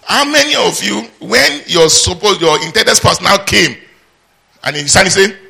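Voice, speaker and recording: Male pastor, bright and forceful delivery, prompts the congregation to finish his lines. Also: sits high, normal speed, vocal fry, slight background noise. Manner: call-and-response, asks the congregation to finish his sentences; lively teaching with asides and laughter. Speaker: preacher. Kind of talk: sermon.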